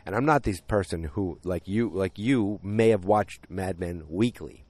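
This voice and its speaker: A man casually recapping a TV episode with a deep voice and rambling, jokey asides. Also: measured pace, darkish tone, no room sound.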